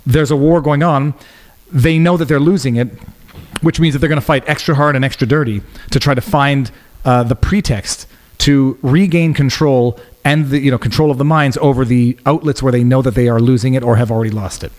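A man from Canada, a guest on a podcast, talking politics in a rapid, animated way with frequent restarts and trailing phrases. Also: mid-range voice. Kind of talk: casual political chat.

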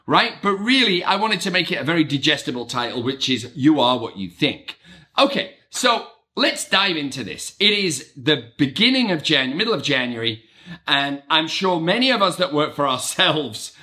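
A middle-aged man, giving an animated motivational monologue as a real estate agent and acting out his own inner voices. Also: fairly high pitch.

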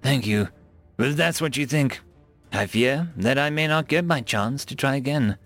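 A man voicing a calm, courteous male mage who speaks formally and takes defeat well. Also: mid-range voice, moderate pace, soft background music, close to an everyday voice. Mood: polite.

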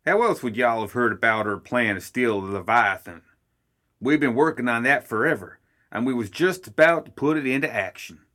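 A man's voice: medium pitch, animated, normal speed, bright, forceful tone. A man voicing a boastful male gremlin clan leader who swaggers in backwoods slang.

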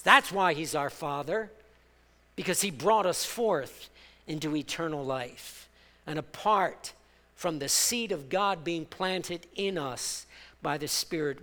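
A male pastor preaching a passionate sermon in a church, swelling from soft, measured lines to loud exhortation and leading the congregation in call-and-response. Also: a little high, long reverb tail. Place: church sanctuary.

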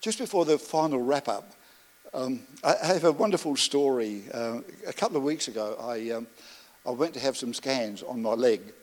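A middle-aged man preaching a sermon as pastor, building rhythmic lists and telling stories in a gentle, reflective way. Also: medium pitch, lively intonation, normal speed. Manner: storytelling, rhythmic lists, soft reflective asides.

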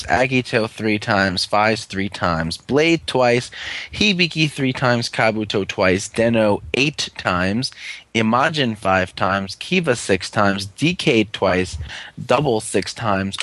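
A man's voice: mid-range voice, fairly bright tone, dry recording. A man hosting a casual chat, reading through a long list with offhand jokes. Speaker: host. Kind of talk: casual toy-review chat.

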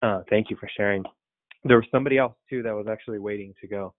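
Young man, pastor, low gravelly voice, teary and rambling; tinny phone audio. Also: fairly even intonation, fast, dry recording. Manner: emotional, tearful, rambling. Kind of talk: casual prayer-call talk.

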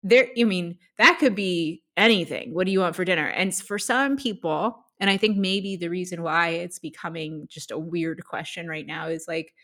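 A woman with a somewhat low voice talks coaching on a casual podcast. She explains with lively examples and laughs easily. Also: moderate pace, few pauses. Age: adult.

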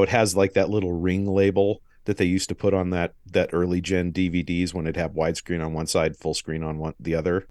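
A man with a very low voice talks in a relaxed, agreeable way and rambles with frequent restarts. The sound is dry and close, with no room echo. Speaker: podcast co-host. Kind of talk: casual chat.

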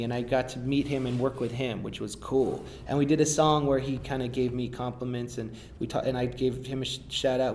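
A man's voice: mid-range voice, warm tone, a little hiss or hum. A man, a rapper, talking casually in an interview, rambling and restarting often with enthusiasm.

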